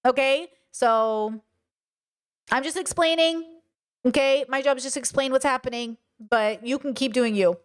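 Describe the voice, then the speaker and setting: A woman streamer giving casual reaction commentary, blunt and animated, swearing freely as she rants. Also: high voice, measured pace, clear, resonant tone.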